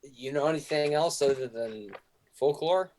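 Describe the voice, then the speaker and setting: A man playing a character in a tabletop role-play, with an insistent, deadpan and sometimes flustered manner. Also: a little high, unhurried, crowd noise. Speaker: player.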